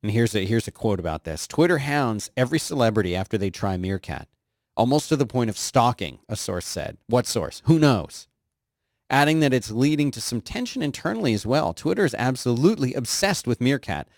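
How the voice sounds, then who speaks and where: A middle-aged man hosting a podcast, reading tech news in a casual, joking way and sometimes jumping into high silly voices. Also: sing-song, a little fast, no echo, studio quality. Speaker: podcast host.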